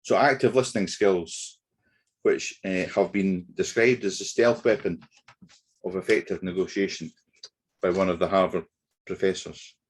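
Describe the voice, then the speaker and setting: Guy teaching a negotiation webinar, deep husky voice, steady explaining. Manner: measured explanatory delivery with occasional fillers. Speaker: negotiation trainer. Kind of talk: webinar lecture. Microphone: webinar computer mic.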